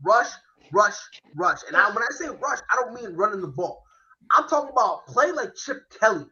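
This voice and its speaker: A man hosting a casual football chat, animated and slangy, cursing freely. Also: high voice, muffled recording. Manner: animated, slangy, swearing, quick impressions. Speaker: host. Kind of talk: casual sports analysis chat.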